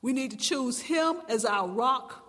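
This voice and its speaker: Woman pastor, high bright voice, fervent sermon delivery, long church-hall reverb. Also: expressive, measured pace. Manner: impassioned, swelling to loud emphatic cries. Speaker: preacher.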